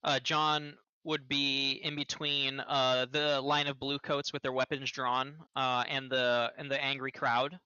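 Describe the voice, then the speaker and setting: A man describing his character's actions in a tabletop game, halting with frequent pauses and restarts. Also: medium pitch, level tone, pushed and bright, smooth, no echo, dull audio. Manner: halting, lots of ums and restarts. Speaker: player.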